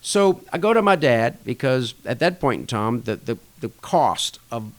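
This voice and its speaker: A man recounts an old story in a relaxed interview, his voice swinging up and down as he acts out what each person said. He speaks at a middling pitch and an easy, conversational pace. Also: normal speed. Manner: animated anecdote-telling, acting out dialogue with shifting pitch. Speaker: podcast guest, restaurant association chair.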